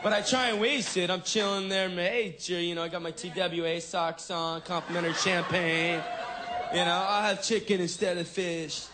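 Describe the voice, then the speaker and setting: A man's voice: high-pitched, steady tone, normal speed, noisy background. A man doing a stand-up comedy routine in goofy, drawling surfer-dude slang.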